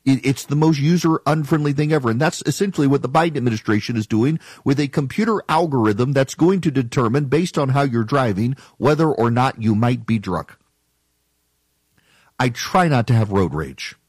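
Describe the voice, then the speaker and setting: A man's voice: medium pitch, normal speed, a little mellow, slightly rough, dry recording. A man hosting a talk radio show, delivering an opinionated monologue in an emphatic, argumentative way and mocking his critics.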